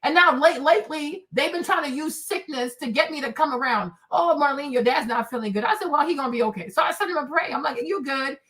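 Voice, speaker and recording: A woman in her forties with a high voice hosts her own livestream. She talks in an emphatic, animated rant, one moment shouting and the next dropping into low asides. Her delivery is candid and unscripted. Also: quick pace, few pauses. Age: 40s. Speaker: livestream host.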